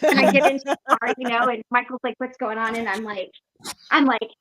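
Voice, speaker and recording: A woman hosting a casual online recovery meeting, telling a lively story and acting out the people in it, heard over a video call. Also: on the high side, a little fast, rough recording. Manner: animated, acts out the people in her stories.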